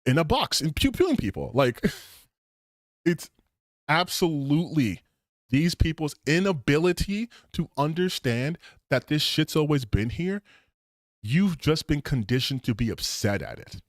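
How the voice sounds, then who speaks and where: A man's voice: a little high, lively intonation, a little slow, no room sound. A man in his thirties hosting a gaming stream, giving casual reaction commentary in a sarcastic, laughing manner and swearing freely. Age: 30s.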